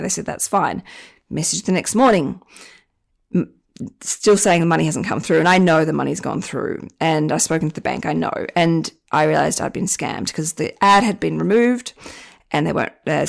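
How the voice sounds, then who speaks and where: Woman, podcast host; low, fry-edged voice; candid, self-mocking confessional delivery. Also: normal speed. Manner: candid, self-deprecating storytelling. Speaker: personal finance podcast host.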